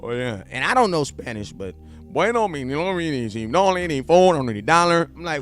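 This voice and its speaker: A man's voice: fairly high pitch, big pitch swings, normal speed, soft background music. A man hosting a casual sports livestream with a loose, rambling, slangy way of talking. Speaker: sports vlog host.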